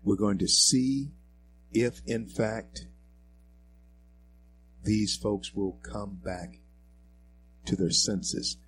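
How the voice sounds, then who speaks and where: A man hosting his own show, delivering a preachy political commentary monologue that swings between calm reading and loud emphatic bursts. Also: fairly low pitch, very slow, long pauses, slight background noise, rough recording. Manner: reads quotes aloud with fillers and restarts. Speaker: show host.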